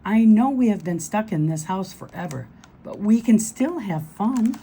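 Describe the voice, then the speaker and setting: A woman reading the lines of a fancy, dramatic young girl detective with theatrical, drawn-out exclamations. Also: medium pitch, lively intonation, dark tone, husky, voice pushed up. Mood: playful dramatic.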